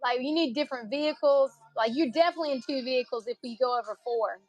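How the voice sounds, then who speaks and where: Chatty high-voiced woman with a country twang. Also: fast talker, darkish tone. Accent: American country. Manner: chatty, jokey, talks to viewers by name. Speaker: livestream seller. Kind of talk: casual live sales chat.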